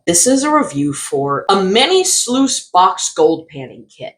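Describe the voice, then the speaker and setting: A woman hosting comedic commentary on odd online product reviews, sarcastic and animated, slipping into exaggerated voices. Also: low voice. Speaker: host.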